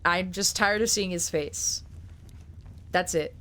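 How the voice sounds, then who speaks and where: A woman's voice: on the low side, slow pace, a bit bright. A young woman streaming live, chatting casually and ranting with swears and mocking quotes. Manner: rambling, swears, ranty with mocking put-on quotes.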